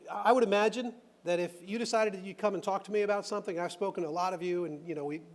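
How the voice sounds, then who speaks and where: A man preaching a sermon as pastor, talking conversationally and animatedly, with rhetorical questions and frequent restarts. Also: sits high. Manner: frequent restarts and filler words.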